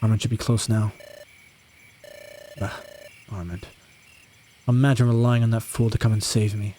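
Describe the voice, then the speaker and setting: A man's voice: lowish voice, level tone, moderate pace, mellow, slight background noise, close to an everyday voice. A man voicing a scheming, wounded older noble brother who mutters with contempt, over faint music. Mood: scornful. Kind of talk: fan audio drama acting.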